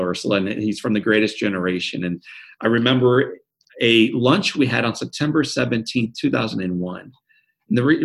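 A man's voice: medium pitch, vocal fry. A man in his forties, an author being interviewed, who answers with earnest, vivid anecdotes and often repeats words. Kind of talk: interview conversation.

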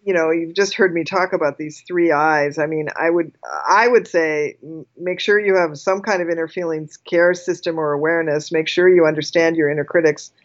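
Woman guest chatting, animated storyteller, laughs a lot, kinda low voice, muffled lo-fi audio. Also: normal speed. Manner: animated, laughs often, self-interrupting. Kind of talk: casual storytelling interview.

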